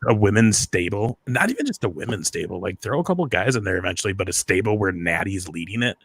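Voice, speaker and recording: A man's voice: fairly low pitch, sing-song, fast, a bit bright, slightly rough, no echo. Laid-back man in casual wrestling chat. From half Mexican. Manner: laid-back, swears casually, laughs often. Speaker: podcast co-host.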